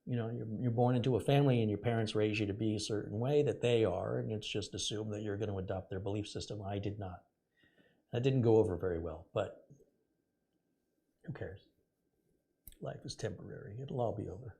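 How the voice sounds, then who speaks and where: A man's voice: fairly low pitch, fast talker, creaky, warm tone, slightly rough. A middle-aged man hosting a casual live stream, sarcastic and rambling, reading out viewer donations.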